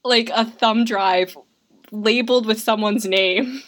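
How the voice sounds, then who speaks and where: A woman's voice: a little high, steady tone, slow, fairly bright tone. A young woman co-hosting a casual film recap, chatty and sarcastic with lots of filler words. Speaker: podcast co-host.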